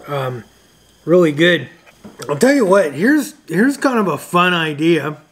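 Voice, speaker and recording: Slow, chatty man hosting a radio show. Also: on the high side. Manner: loose and chatty, with frequent uhs. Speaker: ham radio video host. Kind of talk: casual chat to camera.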